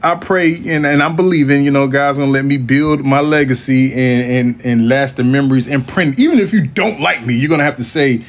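A man's voice: medium pitch, a little fast, few pauses. A man hosting a casual podcast chat, talking bluntly and profanely in a rambling way, with restarts and laughs. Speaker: podcast host.

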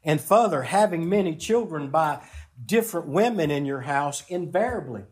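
A middle-aged man preaching a sermon as a pastor, slow and emphatic with long pauses. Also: a little high, expressive, darkish tone.

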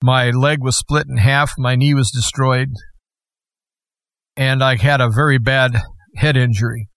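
A man telling a personal testimony in an earnest, deliberate storytelling manner. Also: medium pitch, fairly even intonation, fairly bright tone, no room sound.

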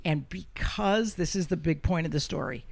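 A woman's voice: deep voice, normal speed, vocal fry. A woman in her fifties, a comedian hosting a podcast, telling stories in a brash, profane, self-deprecating way. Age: 50s. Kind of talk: casual podcast chat.

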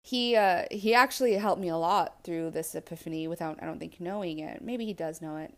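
A woman hosting a podcast, talking alone in a blunt, animated and self-reflective way and swearing freely. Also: fairly low pitch, brisk. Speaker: podcast host. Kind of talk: candid solo monologue.

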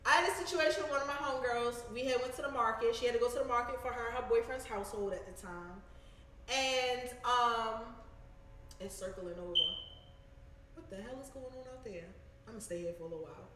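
Blunt high-voiced woman in an echoey room. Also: a little fast, a little hiss or hum. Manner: blunt, animated, profane. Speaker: show host. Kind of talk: casual storytelling chat.

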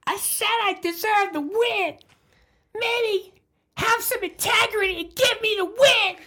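A podcast co-host reading a sore-losing young man's complaint in a high, whiny voice. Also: slow pace, bright, forceful tone, exaggerated voice. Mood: whining. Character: whiny sore-loser young man demanding a win.

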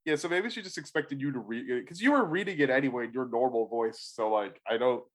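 A chatty man hosting a podcast, his voice at an ordinary middle pitch. He rambles, restarts his sentences, and breaks into quick laughs. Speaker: podcast host and editor. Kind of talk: casual chat.

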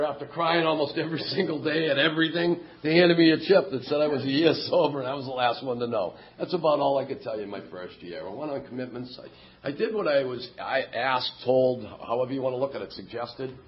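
A man's voice: medium pitch, fairly quick, muffled recording. A middle-aged man telling his story at a recovery meeting, candid and self-mocking. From Massachusetts, USA. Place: meeting hall.

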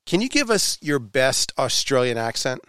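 Guy hosting a podcast, hamming it up a bit, crisp voice, no room sound at all. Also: medium pitch, sing-song, normal speed, bright, forceful tone, no room sound, studio quality. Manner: playful, showy build-up delivery. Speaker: podcast host. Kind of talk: casual interview.

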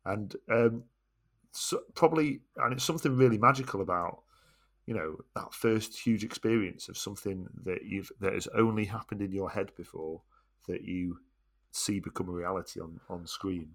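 A man's voice: fairly low pitch, moderate pace, fairly bright tone. A man co-hosting a casual podcast, reminiscing in rambling, reflective talk. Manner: short agreeing replies, rambling reminiscence. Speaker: podcast co-host. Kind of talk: casual chat.

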